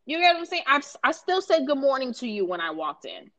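A woman's voice: sits high, very animated, a little fast, a bit bright, lo-fi sound. A woman co-hosting a podcast in casual chat, venting emphatically and profanely, often asking "you know what I'm saying". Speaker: podcast co-host.

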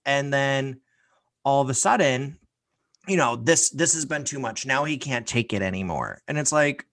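A man's voice: fairly high pitch, lively intonation, normal speed, fairly bright tone, dry recording. Profane, ranting male podcast host. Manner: profane, sarcastic, heated. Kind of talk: casual opinion rant.

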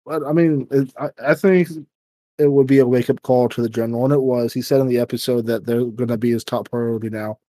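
A man's voice: medium pitch, steady tone, fast talker, warm tone, no room sound. A man co-hosting a casual podcast, laid-back, swearing freely and steering the chat. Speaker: podcast co-host.

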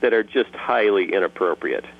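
Animated man, dull lo-fi recording. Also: lowish voice, normal speed. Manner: animated, jokey, slips into character voices. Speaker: guest voice actor and creator. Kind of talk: casual interview answers.

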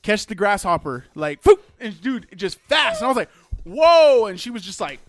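Young dude with a pretty high voice telling a crazy story, swears constantly, super animated. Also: male voice, fairly quick, no room sound, soft background music. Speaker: podcast host telling a story. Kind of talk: casual chat.

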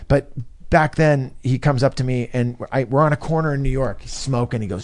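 Speaking briskly in a mid-range voice, this comedian from California tells a lengthy story during a relaxed podcast conversation. He performs his friends' dialogue with lively energy and doesn't hold back on swearing.

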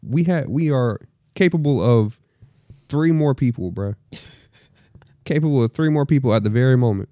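A young man co-hosting a podcast, chatting casually in an animated, slangy way with plenty of swearing. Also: mid-range voice, normal speed, long pauses, dry recording. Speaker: podcast co-host. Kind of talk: casual chat.

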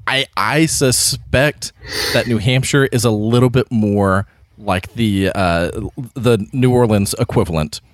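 A man co-hosting a podcast, chatting casually in an animated, rambling way. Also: lowish voice, a little slow, no echo. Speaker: podcast co-host. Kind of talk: casual chat.

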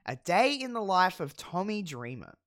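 A podcast host casually recapping a wrestling show, telling it with animated, profane storytelling and frequent laughs. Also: mid-range voice, moderate pace, no room sound, studio quality. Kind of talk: casual chat.

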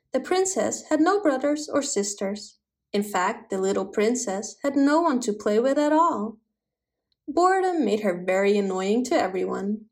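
A woman reading a fairy tale aloud with clear, steady storybook narration. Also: fairly high pitch.

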